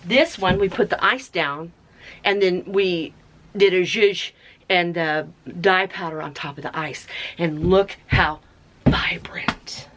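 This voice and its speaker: A woman hosting a casual crafting tutorial, chatty and excitable as she shows off her results. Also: lowish voice, slow. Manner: chatty, excitable, talks to herself while showing results. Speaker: craft video host.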